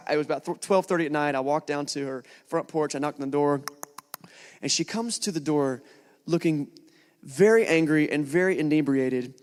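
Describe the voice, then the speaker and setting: A man in his thirties preaching a sermon, telling stories with lively acted-out quotes. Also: on the high side. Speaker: pastor. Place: church hall. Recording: long church hall reverb.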